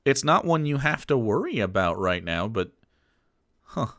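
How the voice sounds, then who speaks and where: A man talks over a clip on his live stream, mocking it with crude, casual jokes. His pitch swoops widely, and the dry sound has little room echo. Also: sing-song, normal speed, fairly bright tone. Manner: mocking, profane, swings between jokes and asides.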